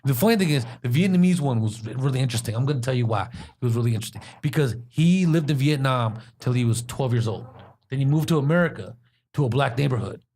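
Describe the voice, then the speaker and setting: A man's voice: mid-range voice, expressive, fast, darkish tone, slight background noise. A young man from Washington, D.C., hosting a podcast, telling rambling stories in casual chat with many restarts. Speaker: podcast host.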